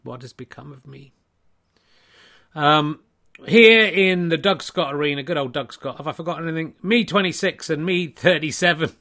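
Middle-aged guy doing a rambly comedy podcast, bright and a bit high. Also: normal speed. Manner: rambling, self-mocking, many restarts. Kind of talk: comic solo podcast.

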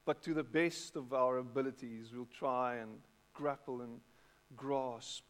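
A man with a South African English accent preaching a sermon, chatting with the congregation and often repeating words. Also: mid-range voice. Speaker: pastor. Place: church hall with long reverb. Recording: echoey hall.

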